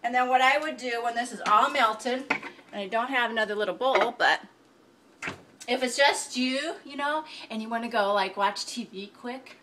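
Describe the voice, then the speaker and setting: A woman's voice: fairly high pitch, normal speed, pushed and bright. A woman giving a casual, rambling cooking demonstration in her home kitchen, talking straight to the viewer. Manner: chatty, rambling, self-deprecating. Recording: distant mic with clear background noise.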